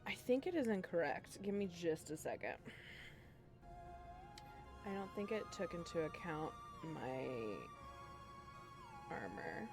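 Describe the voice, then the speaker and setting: A woman's voice: lowish voice, sing-song, measured pace, pauses often, darkish tone, faint music behind. A woman playing a tabletop game who protests in mock exasperation. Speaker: player.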